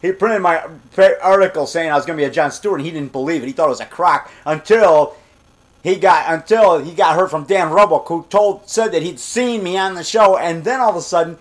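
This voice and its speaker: Rambling middle-aged man with a higher voice. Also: fairly quick. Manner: rambling, repeats himself, self-promoting. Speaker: vlogger. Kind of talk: rambling casual monologue.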